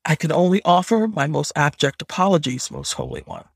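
A frightened young woman acolyte answers her superior with careful respect, as a man reads her. She works to keep her voice steady. The voice is a little high and husky, on a dry recording. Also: fairly quick, no echo, heavily acted. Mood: submissive. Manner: respectful, trying to sound steady.

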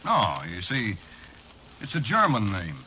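An actor playing a teasing, sinister bartender who drawls in slang, in old-time radio drama style. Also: male voice, on the low side, huge pitch swings, a little slow, bright, forceful tone, heavily acted. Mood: sly. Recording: dull, faintly hissy old radio recording.

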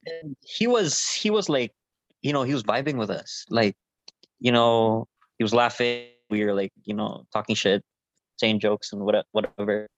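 A young man telling a story in a casual chat with friends, animated and swearing, acting out what people said. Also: lowish voice, normal speed. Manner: animated, swearing, acts out quotes. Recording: dull, dry lo-fi sound.

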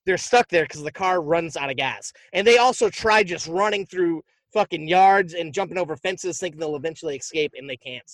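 A man's voice: on the high side, brisk, hardly any pauses, no room sound. Man retelling a movie in a dry, close sound. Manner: animated, profane storytelling. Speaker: podcast co-host. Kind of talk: casual chat, retelling a movie plot.

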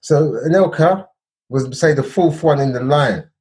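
A man's voice: a little high, unhurried, a little mellow. A man, co-hosting a casual podcast and telling a football story, checking in with "yeah?" and "bro". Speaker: podcast co-host. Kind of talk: casual chat.

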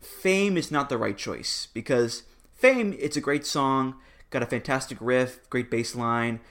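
A man's voice: mid-range voice, a bit bright. Man, mid-range voice, wry, opinionated, casual podcast talk. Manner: wry, opinionated, quick to laugh. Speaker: podcast co-host. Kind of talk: casual chat.

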